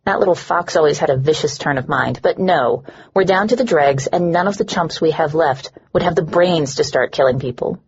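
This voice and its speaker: A woman narrator voicing a bitter, sharp-tongued young woman who sneers at everyone. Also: low-pitched, moderate pace, few pauses, breathy edge, highs cut off, full character voice. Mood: scornful. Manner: sneering, scornful.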